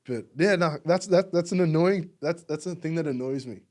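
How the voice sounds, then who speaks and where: His voice is a little high with a darkish tone, and he speaks at normal speed. He's a young adult from Melbourne, Australia who founded a music publication, appearing as a podcast guest in casual conversation, rambling, leaning heavily on "like" and laughing a lot.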